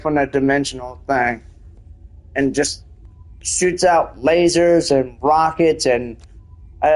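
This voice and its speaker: A man's voice: fairly high pitch, a little mellow, rough recording. A man hosting his own gaming channel, talking casually over his gameplay, hesitant and full of restarts.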